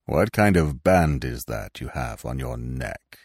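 A man voicing a solemn, commanding old stag who speaks quietly and slowly. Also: rumbling low, lively intonation, slightly rough, no room sound, clean studio sound, pitched below the performer's own voice, full character voice. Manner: quiet, slow, grave.

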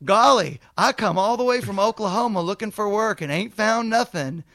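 A gravelly, folksy drifter schemes in a coarse drawl, put on by a man. The voice is pitched a little above his own and recorded dry and close. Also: moderate pace, a bit bright, no echo. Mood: crude. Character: crude, scheming, down-on-his-luck working man.

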